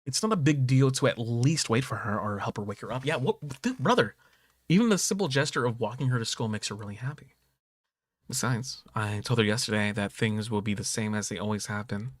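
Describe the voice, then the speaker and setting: A man streaming a game, reading its dialogue aloud and breaking off into excitable, profane reactions. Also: medium pitch, fairly quick, no echo.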